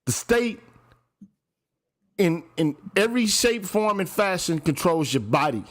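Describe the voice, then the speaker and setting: A man's voice: high voice, very animated, unhurried, fairly bright tone. A man hosting a casual commentary chat, talking in a profane, emphatic way and often repeating himself. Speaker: podcast host.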